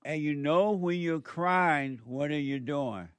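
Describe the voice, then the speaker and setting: Slow-drawling male radio host. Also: fairly high pitch, no room sound. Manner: drawling, preachy, chuckles often. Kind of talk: call-in talk radio with spiritual advice.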